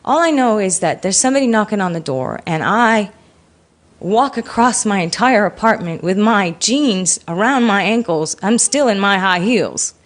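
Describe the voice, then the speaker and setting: A woman's voice: mid-range voice, normal speed. A woman giving an interview, candidly recounting a painful personal experience with emotion. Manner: emotional, animated retelling. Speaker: interview guest.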